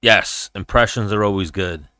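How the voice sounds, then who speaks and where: Blunt, bright-toned man hosting a chat. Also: on the low side, normal speed, smooth, no echo, studio quality. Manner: blunt, profane, rambling. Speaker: podcast host. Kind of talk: casual livestream chat while watching fights.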